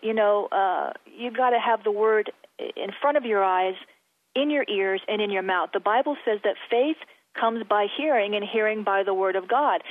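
A woman's voice: mid-range voice, no echo. A middle-aged woman speaking as a guest in a Christian faith interview, earnest and repeating words as she starts. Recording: tinny phone-line sound.

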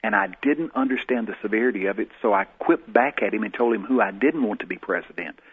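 A man's voice: lowish voice, fast talker, husky. A man, a guest in an interview, telling personal stories in a folksy way and acting out the voices he quotes. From Texas. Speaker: guest prophet. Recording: tinny phone-like lo-fi sound.

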